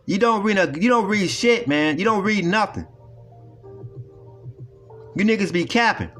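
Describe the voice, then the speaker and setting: A man's voice: high-pitched, expressive, measured pace, fairly bright tone, faint music behind. A man ranting in a video commentary, profane and repetitive as he lectures emphatically. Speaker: online commentator.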